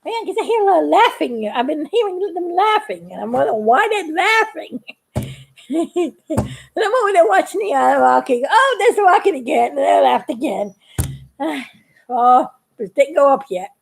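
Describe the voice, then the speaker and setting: A woman's voice: high-pitched, expressive, moderate pace, creaky. A woman chatting casually to her viewers, telling a story and laughing often. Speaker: YouTube cartoon maker.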